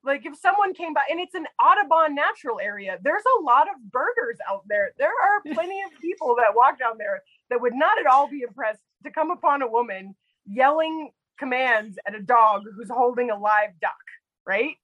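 A woman guest telling casual stories in an animated way, full of quoted dialogue and fillers. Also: sits high, moderate pace, dry recording, muffled recording. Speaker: guest storyteller. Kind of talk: casual storytelling.

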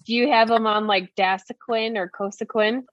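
A woman's voice: a little high, fairly even intonation, normal speed, no room sound, highs cut off. A woman in casual chat who asks short, interested questions and gives supportive replies.

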